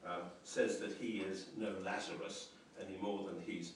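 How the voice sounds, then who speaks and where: A low-voiced man lecturing on poetry, pausing often with ums and circling back over his words in a thoughtful, unhurried way. He is heard from some distance in a strongly echoing lecture room, with a faint hum of room ambience underneath. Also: fairly even intonation. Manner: hesitant, many ums and restarts, reflective. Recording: roomy echoey lecture hall, mic at a distance.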